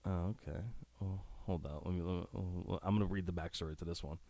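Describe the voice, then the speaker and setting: A man hosting a casual solo podcast, reading out lines with crude asides, sniffly and clearing his throat often. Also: low voice, moderate pace, no room sound. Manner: crude, laughing, breaks off into asides. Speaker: podcast host.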